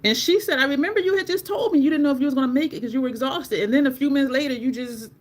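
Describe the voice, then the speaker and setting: Woman, makeup vlogger, casual storytelling, animated, swears, squeaky when quoting herself. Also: racing. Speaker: beauty vlogger.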